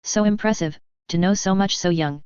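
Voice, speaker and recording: A woman's voice: fairly low pitch, normal speed, darkish tone, clean tone, no echo, close to an everyday voice. A woman voicing a resentful young nobleman with a sneering, mocking manner, in a dull, dry lo-fi recording.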